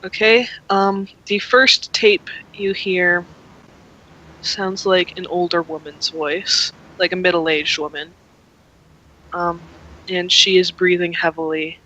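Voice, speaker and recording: Slow, bright-voiced woman game master. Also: fairly low pitch, fairly even intonation, lo-fi sound. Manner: slow, laughing narration. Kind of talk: narrating a tabletop game.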